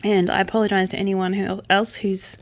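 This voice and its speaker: A woman's voice: mid-range voice, flat delivery, fairly quick. A young Australian woman hosting a casual chat, reading news aloud and reacting with open sorrow. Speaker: podcast host. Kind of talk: casual true-crime commentary while crocheting.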